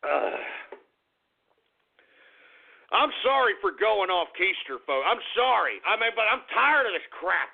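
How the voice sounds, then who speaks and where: A male talk radio host launches into an angry political rant laced with profanity, his voice sitting fairly high for a man. He speaks slowly in a sing-song, gravelly way with long pauses, and the audio sounds thin and tinny, like a phone line.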